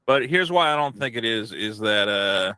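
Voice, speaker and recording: A man's voice: fairly low pitch, animated, moderate pace, bright, forceful tone, smooth, no room sound. A man as a guest in a casual interview, easygoing and wry.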